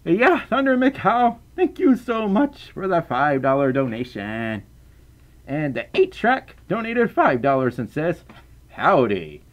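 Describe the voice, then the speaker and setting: A man with a softened Southern US accent, reading donations on a live stream in casual chat, rambling, stammering over repeated words, and laughing often. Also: a little high, sing-song, a little slow, dull audio. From Southern United States.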